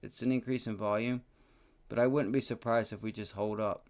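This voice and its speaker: Brisk and fairly even in intonation, a man with a lowish, darkish voice runs a live day trading stream and works through charts aloud. His back aches, and trades gone wrong spark profane, frustrated outbursts.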